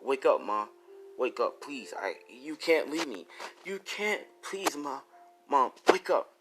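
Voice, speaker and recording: A man's voice: medium pitch, expressive, slow pace, over music, pitched above the performer's own voice. A man voicing a grief-stricken teenage boy hero who pleads and sobs. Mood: grieving. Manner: pleading, sobbing.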